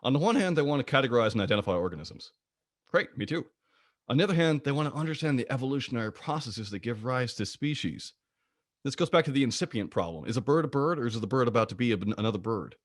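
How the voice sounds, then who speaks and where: A man presenting an online slide lecture about birds, playful and jokey, with wide swings in pitch. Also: lively intonation, fast, dry recording, studio quality. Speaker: guest presenter of a bird talk.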